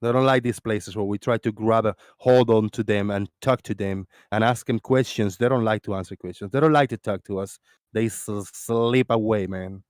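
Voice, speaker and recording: A man hosting a casual voice-chat stream, talking loudly and laughing often, with plenty of swearing, close to his desk microphone. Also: lowish voice, fairly even intonation, moderate pace, no room sound. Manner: loud, laughing, profane. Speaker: stream host.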